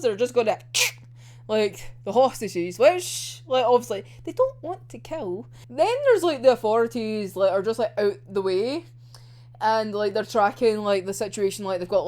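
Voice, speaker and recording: A woman's voice: medium pitch, darkish tone. A young woman discussing an anime episode in a casual, giggly, rambling way, swearing freely. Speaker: anime reviewer.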